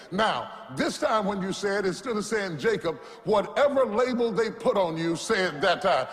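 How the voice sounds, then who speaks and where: A man preaching a sermon, slow and deliberate, who builds up to shouting and has the congregation repeat after him. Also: high voice, animated. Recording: long reverb in a large hall.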